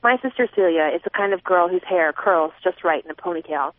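Brisk and lowish, a woman's voice narrates a first-person novel, capturing a twelve-year-old girl's inner thoughts with expression. It's an audiobook recording that sounds dry and phone-like, without room sound.

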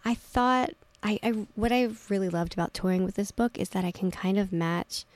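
A woman novelist with a Philadelphia accent, chatting in a radio studio interview with quick, self-deprecating asides. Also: medium pitch, no room sound. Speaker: novelist guest.

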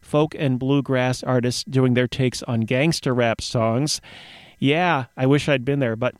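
A man's voice: medium pitch, steady tone, unhurried, no room sound. A man hosting a radio show, reading news items aloud with wry offhand asides into a studio microphone. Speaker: radio DJ host.

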